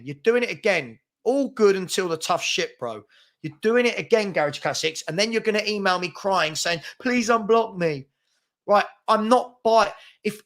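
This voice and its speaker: A middle-aged man chats on a daily football live stream, answering viewer comments. His voice sits a little high. He argues in an animated, exasperated way.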